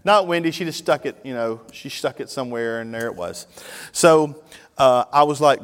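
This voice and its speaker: A middle-aged man preaching a sermon as a lively storyteller, acting out the dialogue of the people in his story. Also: medium pitch, normal speed. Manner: animated storyteller, acts out dialogue. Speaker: pastor. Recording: long hall reverb.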